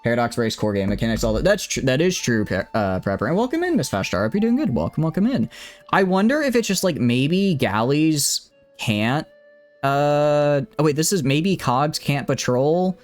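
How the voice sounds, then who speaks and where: A man's voice: on the high side, sing-song, normal speed, faint music behind. A man streaming a strategy game live, rambling and correcting himself as he chats with viewers. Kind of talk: live gameplay commentary.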